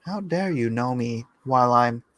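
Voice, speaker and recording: A man's voice: mid-range voice, animated, normal speed, a little hiss or hum. A middle-aged man hosting a casual live art auction, joking and teasing as he chats. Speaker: auction host and comic artist. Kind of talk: casual livestream chat.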